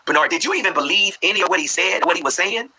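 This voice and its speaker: A man's voice: sits high, expressive, fast talker, creaky, pushed and bright, slightly rough, rough recording. A man hosting an interview, outraged and emphatic as he asks questions. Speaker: interview host. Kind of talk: emotional interview talk.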